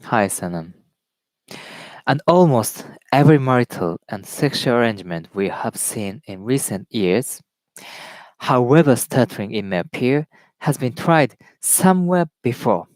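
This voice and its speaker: Man reading aloud haltingly in English. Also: medium pitch, lively intonation, darkish tone, no echo. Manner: reads aloud haltingly, repeats words, greets viewers. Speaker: live stream host. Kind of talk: casual reading and commentary.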